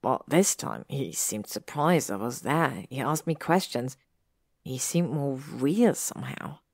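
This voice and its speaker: A woman's voice: extremely low pitch, expressive, unhurried, gravelly, darkish tone, no room sound, clean studio sound, exaggerated voice. A woman voicing a stubborn, frustrated young man in a read-aloud audiobook story, speaking insistently. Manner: insistent, raises his voice. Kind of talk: audiobook reading of fan fiction.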